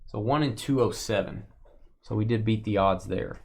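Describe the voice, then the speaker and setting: A man's voice: fairly low pitch, normal speed, a little mellow, breathy edge. A man with a Southern US accent hosting a livestream card break, teasing viewers and calling out cards.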